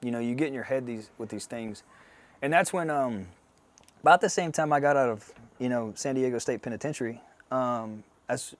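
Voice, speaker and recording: A man in his thirties with a mid-range voice, speaking at a moderate pace, appears as a podcast guest and tells a personal story bluntly, casually and profanely, laughing along.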